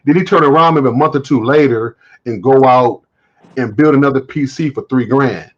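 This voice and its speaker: A man hosting a live stream tells stories casually and with animation, acting out quotes and swearing a bit. His voice is medium-pitched at a normal speed, and the audio sounds dull.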